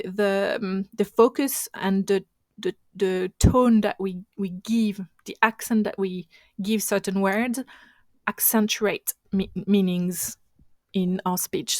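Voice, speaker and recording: A woman's voice: mid-range voice, no echo. A woman hosting her own coaching podcast, speaking English as a second language, with an instructive, conversational manner that often restarts mid-phrase. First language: not English. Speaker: podcast host and marketing coach. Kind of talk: solo coaching podcast talk.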